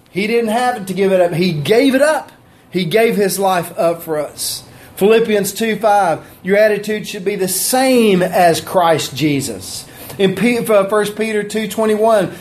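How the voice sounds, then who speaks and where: A man preaching a sermon in a folksy, conversational way, with asides to people in the room and his pitch rising and falling for emphasis. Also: expressive, slow pace. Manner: pitch rises and drops for emphasis. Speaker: pastor.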